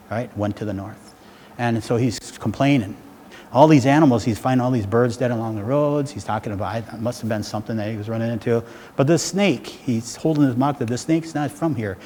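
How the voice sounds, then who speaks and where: In a hall with reverb and faint background noise, a middle-aged man with a slightly mellow, medium-pitched voice tells rambling stories during a public talk, frequently asking "right?".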